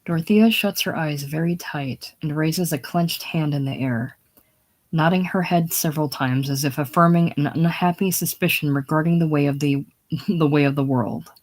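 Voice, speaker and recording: An unhurried reader works through a play's stage directions in a casual, plain way. The voice sits at an ordinary middle pitch.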